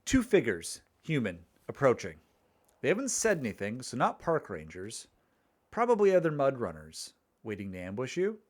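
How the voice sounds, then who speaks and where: Streamer: a playful man reading his game's narration, very animated pitch. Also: moderate pace. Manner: playful, rambling with restarts. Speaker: streamer and game author. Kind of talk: reading game narration and casual chat.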